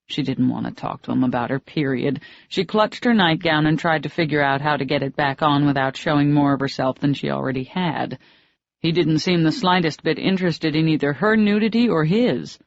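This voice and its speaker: An audiobook narrator reading a romance novel in a steady, measured way. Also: medium pitch, no echo. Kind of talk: scripted narration. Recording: dry, slightly dull audiobook recording.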